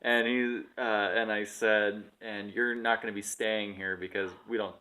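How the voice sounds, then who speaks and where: A young man on a casual podcast, telling a workplace story with plenty of swearing and quick voices for the people in it. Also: lowish voice, flat delivery, bright, forceful tone. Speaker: podcast co-host.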